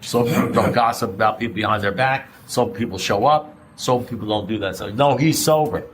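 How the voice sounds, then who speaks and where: A man with a fairly low voice gives a blunt, conversational share at a recovery meeting. He keeps firing rhetorical questions at the room and swears now and then. A faint hiss of noise sits under the recording. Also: fairly quick, low-quality recording.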